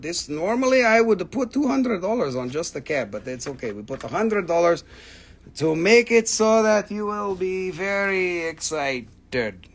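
At home with his dogs nearby, an excitable man runs a casual live stream selling gemstones, showing off stones and rattling off prices. His voice is fairly high for a man and slightly rough, and he swears freely while gushing about how beautiful everything is.

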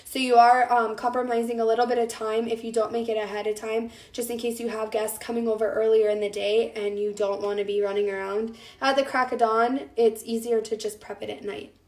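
A woman's voice: on the high side, little pitch movement, fairly quick, hardly any pauses, darkish tone, reverberant. A young woman from the Midwest hosting a casual cooking live stream, chatting with viewers while her voice recovers from an illness. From American Midwest. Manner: chatty, addresses viewers by name.

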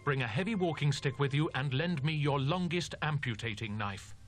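An actor playing a grim, determined young male student in a horror audiobook drama, speaking firmly and deliberately. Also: mid-range voice, faint music behind, natural voice.

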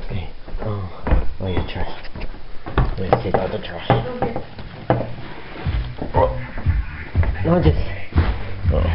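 A young man vlogging casually at home at night, rambling and chatty, going quiet as he gets sleepy. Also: low voice, sing-song, slow pace, long pauses, loud music behind the voice. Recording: dull lo-fi home video.

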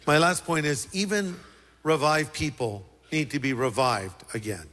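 A man preaching a sermon as pastor, lively and joking with the congregation. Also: fairly high pitch, unhurried, big-room sound.

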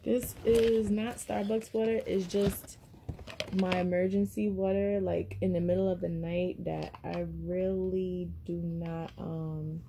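A woman's voice: fairly low pitch, flat delivery, slow, gravelly, mellow, slight background noise. A woman vlogger chatting casually and rambling to her viewers as she unboxes something, a little out of breath.

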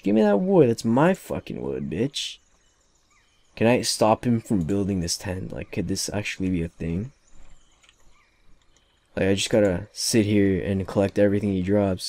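A young man giving casual, excitable gameplay commentary, swearing often and talking to the characters on screen. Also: lowish voice, moderate pace, no echo. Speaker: let's play gamer.

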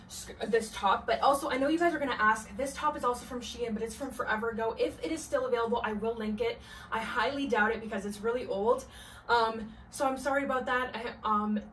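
Young woman gushing thru a clothing haul, kinda high voice, chatty, faint room hum behind. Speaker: fashion vlogger. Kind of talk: try-on haul vlog.

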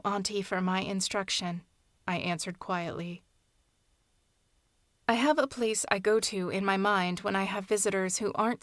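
A woman reads fiction aloud in a soft, hushed, measured voice. Her pitch sits in the ordinary middle range. The recording is dry and close, with no echo. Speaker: audiobook narrator. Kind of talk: scripted fiction narration.

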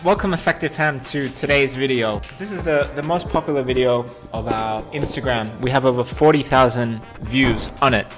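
A man hosting a football training vlog, talking to camera with animated energy that builds as he gets worked up. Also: medium pitch, normal speed, hardly any pauses, music in the background. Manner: animated, builds up intensity when pumped. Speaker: football channel host.

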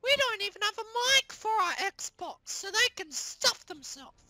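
A performer voicing a plush toy character who yells and shrieks frantically through a video game, sounding hoarse after an illness. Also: extremely high pitch, very animated, measured pace, dry recording, faint music behind, full character voice. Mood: chatty. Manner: shrieking, frantic yelling while playing. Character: squeaky plush toy character, excitable and panicky. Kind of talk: gaming comedy voice acting.

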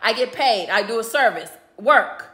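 A woman's voice: on the high side, lively intonation, normal speed, pushed and bright, reverberant. A woman in her forties on a live stream at home, ranting bluntly and profanely in a heated family argument. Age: 40s. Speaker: mother livestreaming a family argument. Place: home, indoors. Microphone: phone, live stream.

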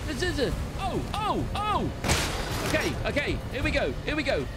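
A man giving excitable, frantic running commentary while he plays a video game. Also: extremely high pitch, moderate pace, heavy background noise. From United Kingdom. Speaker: gaming commentator. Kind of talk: live gameplay commentary. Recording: loud game audio under voice. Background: loud game sounds.

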